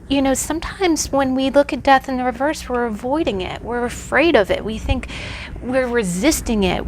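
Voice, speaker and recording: A woman's voice: sits high, slight background noise. A woman giving a conversational tarot lesson, reflective and telling stories with many asides. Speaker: tarot teacher.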